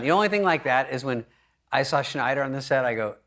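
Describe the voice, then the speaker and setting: A male comedian telling stories on a talk show in a dry, sarcastic way, with lively quoted voices. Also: medium pitch, quick pace, a little hiss or hum. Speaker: guest comedian. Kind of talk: anecdotal talk-show storytelling. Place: TV studio before an audience.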